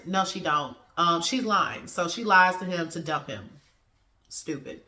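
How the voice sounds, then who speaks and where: A woman with a fairly low voice recaps a TV episode in a loose, slangy way, dropping into the characters' lines along the way. The recording has a noticeable roomy echo. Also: unhurried, bright, forceful tone, a little hiss or hum. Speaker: TV episode reviewer. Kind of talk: casual review vlog.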